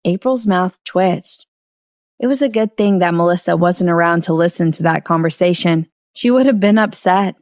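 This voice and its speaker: A woman narrating an audiobook novel in steady storytelling. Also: on the low side, normal speed, no room sound, studio quality. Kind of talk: scripted narration.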